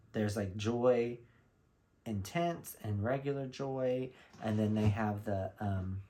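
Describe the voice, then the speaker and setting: A man from Florida telling a lively, gossipy shopping story in a casual vlog, with blunt slang. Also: fairly low pitch. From Florida, USA. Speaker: vlogger.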